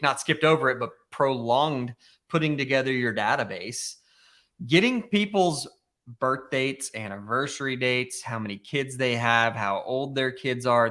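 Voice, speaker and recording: A man's voice: medium pitch, pushed and bright. A man co-hosting a live real estate talk show in a loose, conversational way, full of "you know" asides. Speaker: real estate podcast co-host. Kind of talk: casual business chat.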